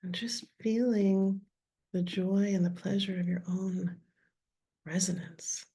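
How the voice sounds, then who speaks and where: A woman with a raspy voice leading a guided voice workshop on a live video call, speaking softly and often slipping into whispers. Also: medium pitch, steady tone, takes it slowly. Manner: soft, drifting into whispers while guiding. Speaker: workshop leader.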